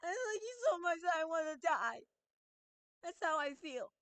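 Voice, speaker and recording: A woman's voice: very high voice, very animated, moderate pace, fairly bright tone, no echo, voice pushed up, full character voice. A woman voicing a distraught, clingy teenage schoolgirl, reading game dialogue aloud in a shaky, pleading, tearful way. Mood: despairing.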